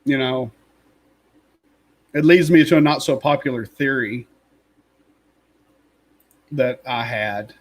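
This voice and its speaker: A man's voice: mid-range voice, takes it slowly, long pauses, low-quality recording. A man co-hosting a casual fan chat, rambling and opinionated, with lots of fillers and asides. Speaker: podcast co-host.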